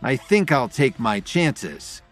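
A man's voice: medium pitch, very animated, takes it slowly, soft background music. A man voicing a tough, protective young father who speaks firmly and bluntly. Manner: firm and clipped.

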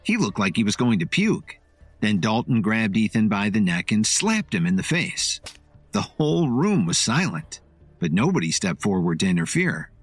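Expressive man narrating a story. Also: fairly low pitch, moderate pace, husky, dry recording, faint music behind.

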